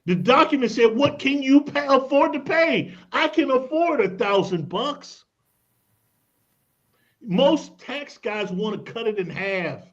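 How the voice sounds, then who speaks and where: This man's voice is very high and expressive, moving at a slow pace through dull audio. As a credit and tax expert guest in a radio studio, he explains emphatically and persuasively on a talk show, using casual slang.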